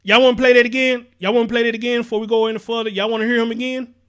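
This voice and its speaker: Man, high voice, passionate profane live-stream host, repeats himself. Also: flat delivery, rapid-fire, a bit bright, clean tone. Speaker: commentary show host. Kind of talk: live-stream commentary, reading viewer comments.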